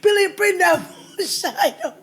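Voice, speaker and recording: A woman playing a brash redneck man who shouts about trucks, doing it as a comedy impression. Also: very high-pitched, animated, normal speed, pitched above the performer's own voice. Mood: rowdy.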